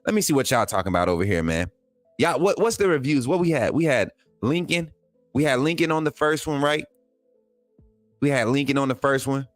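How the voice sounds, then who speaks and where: A man hosting a sports livestream, hyping players and reading chat, excitable and repeating himself in casual slang. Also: medium pitch, brisk, no echo, faint music behind. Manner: excitable, hypes players, talks straight to viewers; repeats phrases, casual colloquial speech. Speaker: sports channel host.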